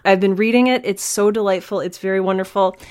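A woman's voice: mid-range voice, steady tone, fast, a little mellow. A woman hosting an interview, eager and friendly, with some ums as she asks questions. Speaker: host.

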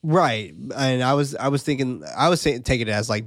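A man's voice: medium pitch, fairly quick, no room sound, studio quality. A man co-hosting a casual podcast, recapping a film's plot and joking about it with a friend. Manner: laid-back, laughs at his own asides, reads plot summary aloud. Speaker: podcast co-host recapping a film.

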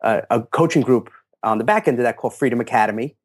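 A man's voice: medium pitch, fast talker. Chatty man telling business stories. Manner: animated storyteller, acts out quotes in a raised voice. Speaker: interview guest, fitness marketer. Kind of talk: casual interview talk.

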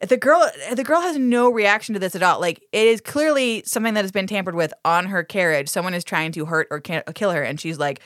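A woman's voice: medium pitch, a little fast, few pauses, a bit bright, no echo, clean studio sound. A woman co-hosting a podcast, recapping a TV episode in casual chat, laughing often, swearing, and acting out the characters' lines in funny voices. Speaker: podcast co-host.

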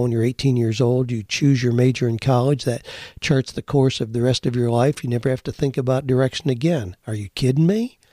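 A man's voice: medium pitch, a little mellow, dry recording, clean studio sound. An older man hosting an advice podcast, answering listeners in an earnest, folksy, encouraging way and telling stories along the way. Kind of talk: conversational advice with storytelling.

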